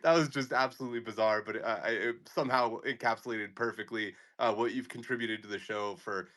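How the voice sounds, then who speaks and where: A man's voice: mid-range voice, fairly even intonation, brisk, a bit bright. A man hosting a podcast, teasing his guests and laughing often. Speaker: podcast host. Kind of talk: casual chat.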